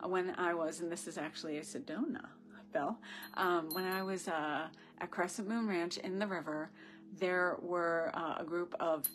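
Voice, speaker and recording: A woman's voice: on the low side, fairly even intonation, normal speed, slight background noise. A woman leading a live-streamed ritual, talking to viewers through a phone camera. She is effusive and rambling, with gushing asides. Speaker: spiritual ritual leader.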